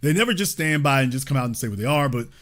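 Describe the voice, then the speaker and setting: A man's voice: mid-range voice, animated, very fast. A man hosting a call-in show, arguing hard with a caller and cutting him off again and again. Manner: confrontational, cuts in repeatedly. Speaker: host. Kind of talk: heated call-in debate.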